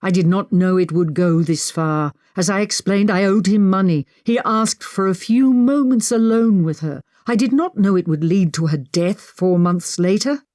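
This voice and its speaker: A woman's voice: medium pitch, normal speed, hardly any pauses, darkish tone, no echo, studio quality, natural voice. A woman voicing a remorseful nobleman who begs and apologizes, in a period audiobook. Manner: begging, apologetic. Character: remorseful nobleman, pleading brother.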